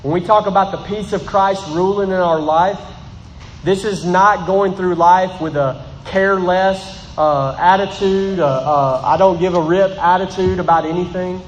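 A man's voice: high-pitched, normal speed, roomy sound, in a large hall, muffled recording, a little hiss or hum. A man preaching a sermon to a congregation, emphatic, repeating phrases and rising in bursts. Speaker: pastor. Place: large room with congregation.

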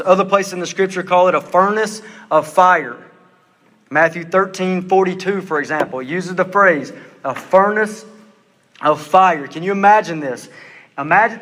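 Male preacher, high bright voice, intense emphatic sermon delivery, long hall reverb. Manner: intense, emphatic, slows down for stress.

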